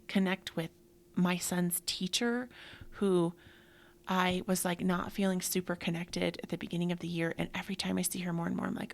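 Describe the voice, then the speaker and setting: Whispery mom host with gravelly edge. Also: female voice, on the low side, fairly even intonation, normal speed. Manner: breathy, drifting into soft whispers, many "like" fillers. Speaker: yoga podcast host. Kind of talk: casual motivational talk.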